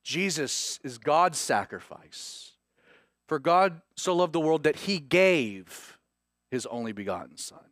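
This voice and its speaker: A male pastor with a Southern US accent preaching a sermon, moving between hushed, slow stresses and rising, urgent passages. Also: on the high side, no room sound, studio quality.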